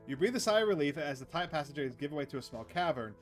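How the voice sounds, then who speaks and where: Playful male streamer, slightly high voice, reads the game's lines aloud and jokes with chat, faint music behind. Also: lively intonation, quick pace. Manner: playful, jokey asides to chat. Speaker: streamer reading a visual novel aloud. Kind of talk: casual let's-play narration with character reading.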